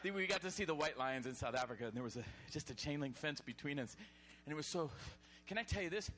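A man preaching a sermon, animated and exhorting, sometimes shouting. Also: on the high side, fast talker, slight background noise.

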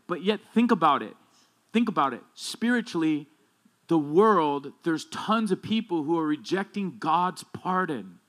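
A male pastor preaching a sermon in a casual, conversational way that turns emphatic on key points. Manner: casual, conversational, rambling with restarts and asides; emphatic, builds in loudness and pitch when stressing points.

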